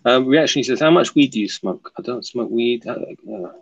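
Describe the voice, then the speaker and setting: A man's voice: mid-range voice, lively intonation, normal speed, creaky, dull audio. A man hosting a casual live stream, reading viewer comments aloud and answering them, often laughing. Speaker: livestream host reading chat.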